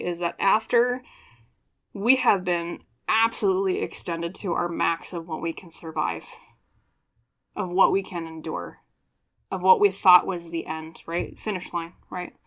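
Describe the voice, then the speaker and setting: A woman's voice: lowish voice, vocal fry, a bit bright. A woman giving a pick-a-card tarot reading, chatty and earnest, often checking in with "okay?" and apologizing as she goes. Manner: earnest and apologetic, openly emotional. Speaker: tarot reader.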